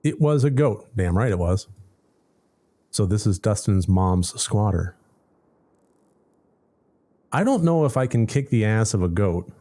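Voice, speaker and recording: A man's voice: on the low side, unhurried, long pauses, dark tone. A man playing a story game, reading its text aloud and making wry, sarcastic asides. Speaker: let's play gamer.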